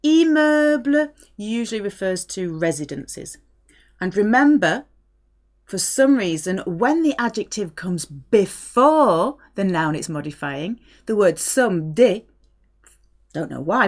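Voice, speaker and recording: A middle-aged woman from France giving a language lesson, patiently explaining and modelling phrases clearly. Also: medium pitch, lively intonation, slow pace. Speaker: French teacher.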